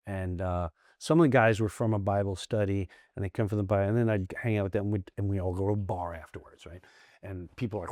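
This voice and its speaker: A middle-aged man, a comedian guest, telling candid stories in an interview, animated and acting out the voices of people he quotes. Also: low-pitched, fast talker, dry recording, studio quality. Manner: animated, acts out quoted voices, restarts often.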